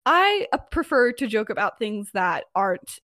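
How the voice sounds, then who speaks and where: Brief: blunt, fierce young witch read by a woman, higher voice, dry close mic. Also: very animated, normal speed, fairly bright tone, no room sound. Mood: exasperated. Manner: curt, exasperated retorts.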